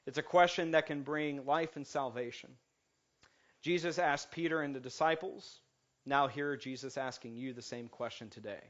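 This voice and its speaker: Brief: male pastor, bright forceful voice, joking then earnest sermon, dull lo-fi recording. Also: mid-range voice, moderate pace. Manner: jokey and animated, then calm and earnest. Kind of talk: lighthearted sermon. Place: church sanctuary. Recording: muffled lo-fi sound.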